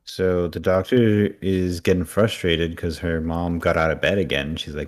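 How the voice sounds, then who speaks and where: A man's voice: deep voice, steady tone, moderate pace. A man co-hosting a podcast, casually recapping an episode and acting out characters' lines as he retells scenes. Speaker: podcast co-host.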